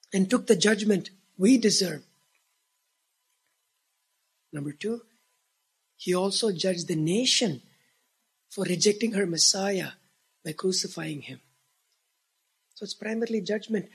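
Man, pastor, sermon, high husky voice, earnest, emphatic peaks and hushed drops.

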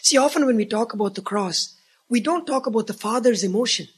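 A man preaching a sermon as pastor, earnest, swelling to emphatic peaks and dropping to hushed tones. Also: very high-pitched, brisk, husky.

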